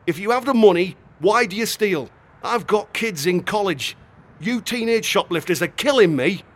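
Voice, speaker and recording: A man voicing an angry middle-aged shopkeeper who shouts and drops his articles in broken English. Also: high-pitched, animated, normal speed, pitched above the performer's own voice. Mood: angry accusing.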